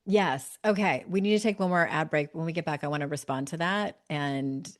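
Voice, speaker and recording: A woman in her fifties hosts a podcast, chatting casually and animatedly in a conversational interview, often laughing and speeding up in bursts. Her voice sits low and runs a little fast.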